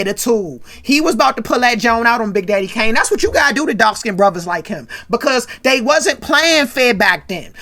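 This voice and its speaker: Lady ranting on her channel, gets all worked up, keeps going "right?". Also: on the high side. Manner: animated, excitable, keeps tagging lines with "right?". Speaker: host. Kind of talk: casual commentary rant.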